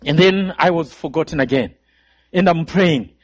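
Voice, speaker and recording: A man's voice: a little high, normal speed. A man preaching a sermon testimony, telling his story with emotion and repeated phrases. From Rwanda. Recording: dull, dry sound.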